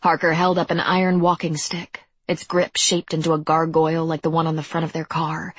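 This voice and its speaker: Husky-voiced woman narrating an audiobook. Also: deep voice, completely flat delivery, no echo. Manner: measured, deliberate storytelling.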